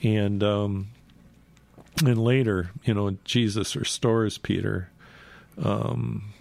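A man with a gravelly voice casually retelling a Bible story, rambling and chuckling as he goes. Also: lowish voice, steady tone, takes it slowly, a little mellow.

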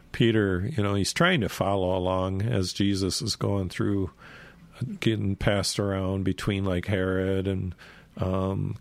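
Gravelly man casually retelling Bible stories. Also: deep voice, no room sound. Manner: rambling, filler-heavy retelling.

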